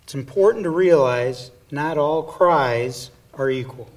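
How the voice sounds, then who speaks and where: A man preaching a sermon in a slow, earnest way, dropping to hushed asides. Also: on the high side, recorded from a distance. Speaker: pastor.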